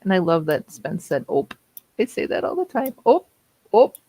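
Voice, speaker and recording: A woman's voice: fairly low pitch, sing-song, brisk, darkish tone, no echo, poor audio. A woman in her fifties with a Minnesota accent, chatting casually and laughing often while hosting writing sprints. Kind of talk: casual livestream chat.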